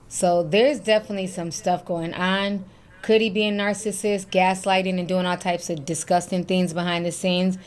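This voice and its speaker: A woman's voice: fairly low pitch, darkish tone. A woman hosting a reaction video who reads celebrity news and text messages aloud and comments on them between readings.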